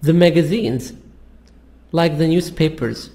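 A man teaching an English lesson in a slow, repetitive, explaining manner. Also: on the high side, mellow. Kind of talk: classroom language lesson.

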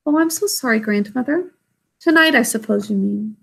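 A woman's voice: on the high side, lively intonation, moderate pace, creaky, a bit bright, husky, full character voice. A woman reading aloud, voicing an eager young princess who asks her grandmother questions. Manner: pleading, questioning.

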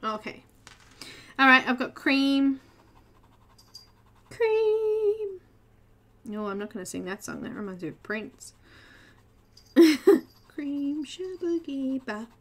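A woman's voice: mid-range voice, normal speed, pauses often, bright, forceful tone. A middle-aged Australian woman hosting a live coloring stream, chatting casually, giggling often and cooing at her cat. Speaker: livestream host.

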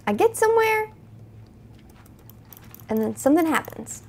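A woman playing a spooky video game, chatting to her viewers in a jumpy, excitable way. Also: on the high side, unhurried, pauses often, a little hiss or hum. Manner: jumpy, chatty, talks to viewers, frequent gasps and exclamations. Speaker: gaming video host. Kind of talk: let's play commentary.

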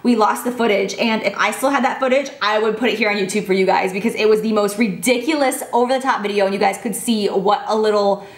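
This woman in her twenties talks quickly and with hardly any pauses, her mid-range voice fairly even in intonation and the sound roomy. She's answering fan questions in a casual chat, gushing and bubbly, with "like" everywhere.

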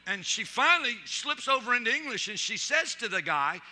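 Bright, high-voiced preaching man. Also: big pitch swings, brisk. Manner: humorous storytelling with acted-out quotes. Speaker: pastor. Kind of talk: sermon. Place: church.

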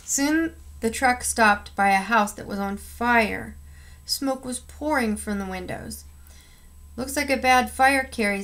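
A woman's voice: mid-range voice, fairly bright tone. A woman reading a children's picture book aloud, acting out the sound effects with expression. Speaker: storyteller.

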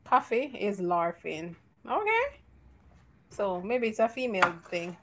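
A woman's voice: mid-range voice, expressive, measured pace. Jamaican woman hosting a live home cooking stream; playful, giggly, cracks jokes. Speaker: cooking show host. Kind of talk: casual live cooking chat. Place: home kitchen.

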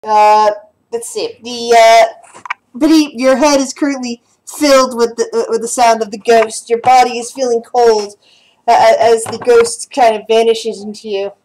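A woman with a somewhat high voice leads a tabletop game session as game master. She narrates scenes loosely, stumbling and restarting her sentences, and calls for dice rolls between descriptions. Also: steady tone, a little mellow, poor audio. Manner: halting, restarts a lot while describing scenes.

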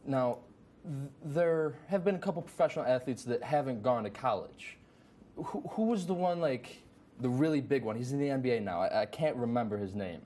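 A young man hosting a casual chat show, rambling with many fillers and restarts, getting excited at times. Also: medium pitch, fairly quick. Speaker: host.

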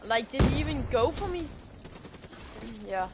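A young man commentating his own shooter gameplay with excitable, frustrated outbursts. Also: very high voice, measured pace, background noise. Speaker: gaming streamer. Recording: game gunfire loud behind voice. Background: gunfire from the game.

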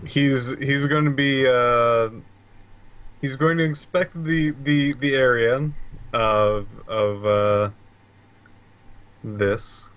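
Male player, lower voice, slow and hesitant delivery. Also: fairly bright tone. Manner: hesitant, many fillers and restarts. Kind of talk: casual tabletop play.

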